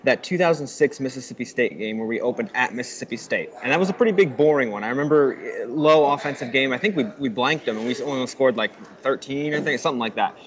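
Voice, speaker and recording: A man being interviewed by phone on a sports show, answering in a relaxed, storytelling way. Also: mid-range voice, fast talker, hardly any pauses. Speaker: guest on a phone call. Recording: slightly muffled phone call.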